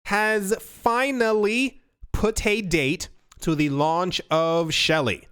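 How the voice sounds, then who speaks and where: A man's voice: high voice, a bit bright, clear, resonant tone. A man hosting a casual crypto news commentary, rambling and restarting his sentences often. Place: home recording setup. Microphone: studio mic.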